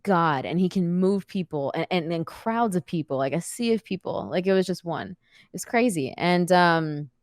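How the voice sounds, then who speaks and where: A woman in her thirties, a podcast guest, tells a story with a lot of energy, laughing easily and filling pauses with "like" and "um." Her voice sits fairly low for a woman, and the recording is dry and close. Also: dry recording. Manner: animated, laughing often, many fillers. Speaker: podcast guest, wrestler and actor. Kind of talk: casual storytelling interview.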